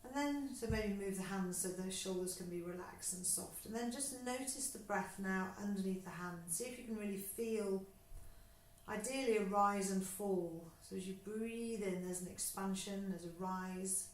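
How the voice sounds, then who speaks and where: A woman yoga teacher calmly guiding a breathing exercise, speaking slowly and soothingly. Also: medium pitch. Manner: slow, soothing guidance. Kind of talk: guided breathing instruction. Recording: echoey room with faint ambience.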